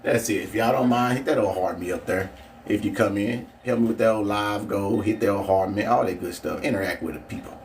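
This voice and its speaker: A man's voice: on the low side, fairly quick, distant mic, slight background noise. A man with a St. Louis accent, hosting a casual livestream from a drag strip, chatting with viewers and calling races. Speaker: livestream host. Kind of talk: casual live commentary.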